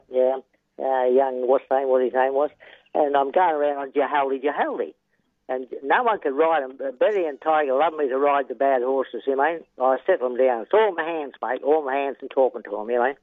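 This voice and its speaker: A man's voice: medium pitch, brisk, no echo. An older Australian man, a retired horse trainer, telling rambling racing stories with chuckles and a constant "yeah". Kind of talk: casual storytelling interview. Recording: tinny phone line.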